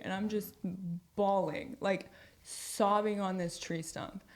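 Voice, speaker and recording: A woman's voice: mid-range voice, steady tone, normal speed. Chatty young woman sharing her testimony. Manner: chatty, filler-heavy with frequent "like"; laughs easily mid-story. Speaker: podcast guest. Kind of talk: casual testimony storytelling.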